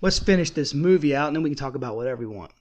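A man's voice: mid-range voice, animated, very fast, darkish tone. A man co-hosting a podcast in casual, rambling chat, laughing often. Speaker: podcast co-host.

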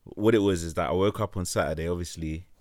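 A man's voice: low voice, quick pace, no echo, studio quality. A young man telling a long story in a casual chat, full of slang. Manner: London slang, animated storyteller.

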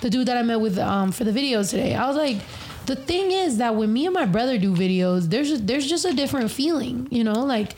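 A woman's voice: fairly high pitch, animated, brisk, darkish tone, a little hiss or hum. A woman in her thirties hosting a casual podcast, rambling and swearing freely, a little tipsy. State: tipsy from beer. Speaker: podcast host.

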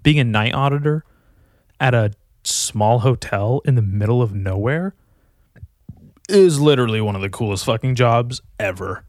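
A man's voice: mid-range voice, animated, normal speed, dry recording. A man rambles through a solo podcast, swearing freely and poking fun at himself. His voice sits in an ordinary middle range for a man. The sound is close and dry, with no room around it. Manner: profane, rambling and self-mocking. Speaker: podcast host. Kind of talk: casual solo podcast monologue. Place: at home with his dog.

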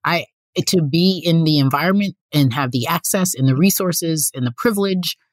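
A woman's voice: low-pitched, moderate pace, no echo. A woman hosting an interview, talking in an emphatic, insistent way. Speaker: host. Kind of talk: warm conversational interview.

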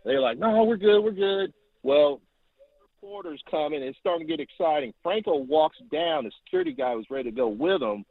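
A man calling in to tell a long story, animated and acting out quotes, heard over the phone. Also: brisk, creaky, no echo. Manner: animated, acts out quotes with rising pitch. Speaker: caller. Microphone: telephone. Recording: tinny phone line.

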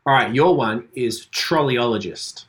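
A relaxed Australian man talks loosely on a podcast. He swears a lot and laughs often. His voice sits at an everyday middle pitch. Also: a little slow. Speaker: podcast co-host. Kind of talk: casual podcast chat.

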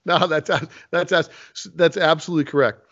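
A man in his forties hosting a casual podcast, telling animated stories with frequent restarts. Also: on the high side, moderate pace. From Las Vegas. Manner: animated storyteller, many restarts. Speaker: host. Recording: lo-fi muffled audio.

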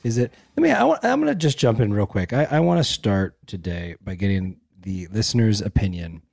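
A middle-aged man co-hosting a podcast, telling a story in lively casual chat and teasing his co-host. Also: on the low side, a little fast, creaky, no echo, studio quality, soft background music.

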